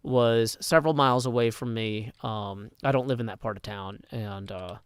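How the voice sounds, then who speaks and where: A man's voice: on the low side, normal speed, clean tone, dry recording. Hesitant man hosting a livestream. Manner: hesitant, full of ums and likes; reads viewer tips aloud, upbeat. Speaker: livestream host. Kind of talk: casual livestream chat.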